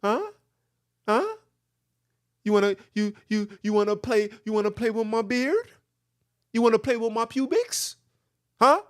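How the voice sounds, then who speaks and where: A man's voice: high-pitched, animated, a little slow, pauses often, voice pushed up. Man putting on a creepy wheedling old bearded man. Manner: coaxing, repetitive questioning.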